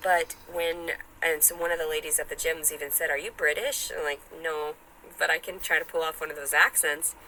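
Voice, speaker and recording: A woman's voice: sits low, steady tone, fairly quick, bright, forceful tone, a little hiss or hum, low-quality recording. A woman in a clip from a vlog, talking in a rambling, self-important way. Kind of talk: casual vlog monologue.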